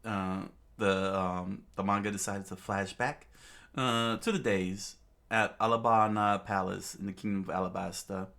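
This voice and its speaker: Man, manga reading, casual asides, halting, self-correcting, low-pitched, unhurried. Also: fairly even intonation, vocal fry, fairly bright tone. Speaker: narrator reading a manga aloud.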